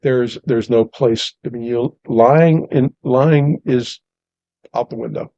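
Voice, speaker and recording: Gravelly philosophical podcast host. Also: male voice, mid-range voice, slow, mellow, no room sound, highs cut off. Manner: philosophical, emphatic, lecturing. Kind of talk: casual conversation.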